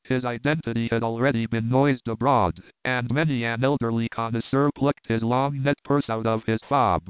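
A man narrates a classic novel in a measured, steady reading. His voice is smooth and resonant, heard over a narrow, phone-like line. The sound is dry and close with no room. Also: mid-range voice, no echo. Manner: measured, even storytelling. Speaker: audiobook reader. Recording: tinny narrow-band, dry.

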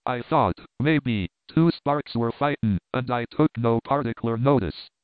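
A man voicing a rough country ostler who drawls in rustic dialect and drops his g's. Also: medium pitch, a little slow, no room sound, close to an everyday voice. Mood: plain. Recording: dry, narrow phone-like sound.

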